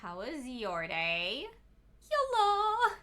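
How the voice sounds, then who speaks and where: A woman's voice: on the high side, animated, unhurried, sharp tone. Bubbly, chatty young woman streamer. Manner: chatty, bubbly, squeals greetings to viewers; tired and rambling. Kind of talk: casual live-stream chat.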